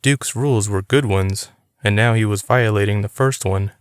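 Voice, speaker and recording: A man narrating an audiobook in a steady, even reading. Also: lowish voice, normal speed, smooth, no echo, clean studio sound. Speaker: audiobook reader.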